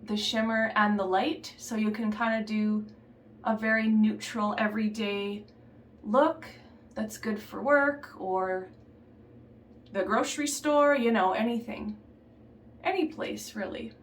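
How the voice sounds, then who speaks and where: A woman chatting casually through a makeup tutorial in a relaxed, offhand way, slipping into a put-on Southern belle accent. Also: mid-range voice, a little slow, reverberant, far from the mic, a little hiss or hum. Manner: relaxed, chatty, trailing off and restarting while applying makeup. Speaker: beauty vlogger.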